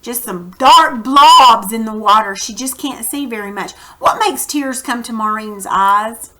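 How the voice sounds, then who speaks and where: A woman's voice: fairly high pitch, unhurried, crowd noise. A woman teaching a reading lesson to children and acting out quoted lines. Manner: animated, acts out quoted lines. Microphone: computer mic for recorded lesson.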